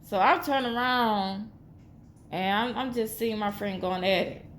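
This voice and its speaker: A woman's voice: medium pitch, measured pace, a bit bright, slight background noise. Woman spinning a rambling personal tale, mid-range voice, roomy echoey recording. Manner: rambling, repeats herself, acts out quotes. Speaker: storyteller. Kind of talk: casual storytelling. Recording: echoey room with faint ambience.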